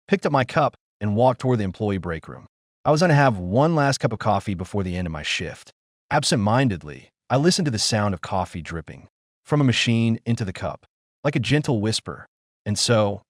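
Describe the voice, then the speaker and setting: A man narrating a first-person story in an expressive, emotional reading. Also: lowish voice, dry recording, clean studio sound.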